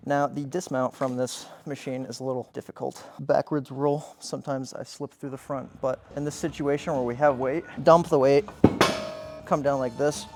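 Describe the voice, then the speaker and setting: A young man hosting a mock fitness tutorial in a gym, talking in quick deadpan, mock-serious patter. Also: mid-range voice, a little hiss or hum. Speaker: fitness parody host. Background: background music.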